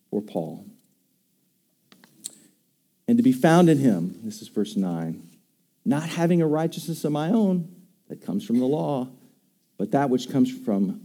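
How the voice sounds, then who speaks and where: A man preaching a sermon in a very dark, mellow voice. He talks with emphasis and keeps putting questions to his congregation. His tone is conversational. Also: medium pitch, slightly rough. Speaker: pastor.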